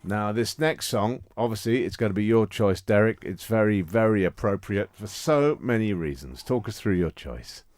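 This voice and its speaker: A man hosting a radio music interview in a studio, chatty and upbeat, quick to joke with his guests. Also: fairly low pitch, lively intonation, a little mellow, no room sound. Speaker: radio presenter. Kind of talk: friendly radio interview chat.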